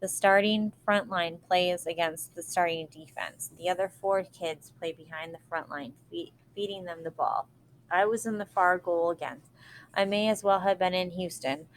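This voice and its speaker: A woman reading a novel aloud with steady, even narration. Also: fairly low pitch, normal speed, slight background noise. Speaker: reader.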